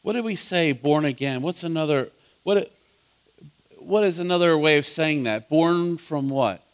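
Animated questioning male pastor. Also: fairly high pitch, measured pace. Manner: questioning, animated swings from loud to soft. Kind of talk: bible study teaching.

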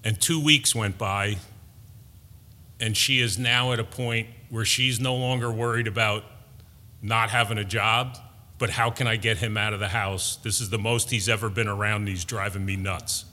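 Middle-aged male preacher, bright forceful tone, deliberate sermon delivery, reverberant hall. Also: fairly low pitch, fairly even intonation. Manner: slow, deliberate preaching with emphatic builds.

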